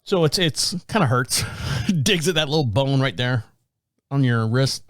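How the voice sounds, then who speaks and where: Medium in pitch and measured in pace, this man hosts a podcast and spins a casual story, laughing a lot and performing the quoted voices of its characters with animation. The studio-quality recording has no room sound.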